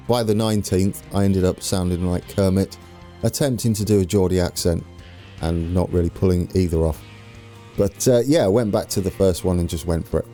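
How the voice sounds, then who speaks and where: Low, mellow-voiced man narrating gameplay. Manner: chatty, self-mocking, thinking aloud while playing. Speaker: let's play host. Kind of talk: casual gameplay commentary.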